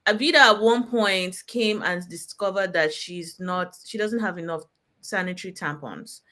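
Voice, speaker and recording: A woman co-hosting a casual movie review chat, retelling scenes in an animated way. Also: fairly low pitch, moderate pace. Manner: animated retelling with acted-out quotes.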